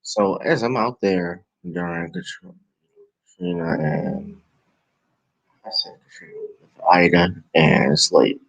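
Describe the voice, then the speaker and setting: A man's voice: deep voice, slow pace, gravelly, long pauses, dry recording, lo-fi sound. A tired man with a New Orleans accent, talking casually on his live stream as a vlogger and podcast host, rambling and correcting himself. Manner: rambling, relaxed, self-correcting. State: tired and yawning.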